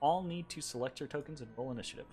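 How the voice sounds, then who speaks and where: A man's voice: on the high side, rapid-fire, a little mellow, husky, soft background music. A man running a tabletop game as game master, narrating casually with many fillers.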